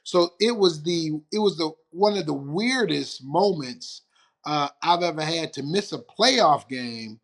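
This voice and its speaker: Man, storytelling guest, lively, acts out quotes, slightly higher voice. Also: unhurried. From Detroit, USA. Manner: animated storyteller, acts out quotes, laughs often. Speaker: guest, retired football player. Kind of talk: storytelling interview.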